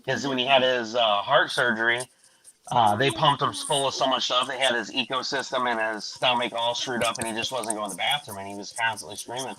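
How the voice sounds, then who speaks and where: A man's voice: medium pitch, a little fast, a crowd in the background, poor audio. A middle-aged man hosting a casual panel chat, rambling through anecdotes with laughs. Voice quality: bright, animated storytelling. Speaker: host.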